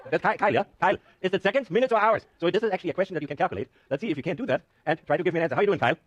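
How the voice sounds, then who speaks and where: Fast-talking joking male professor lecturing. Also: high voice, no room sound, muffled recording. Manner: joking, animated, self-mocking. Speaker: university professor. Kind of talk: classroom lecture with live demo. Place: lecture hall.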